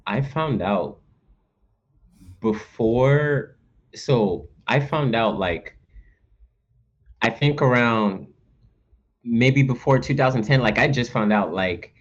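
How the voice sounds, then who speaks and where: A man's voice: mid-range voice, takes it slowly, long pauses, muffled recording. A man co-hosting a podcast, rambling in casual chat with lots of restarts and acted-out asides. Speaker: podcast co-host.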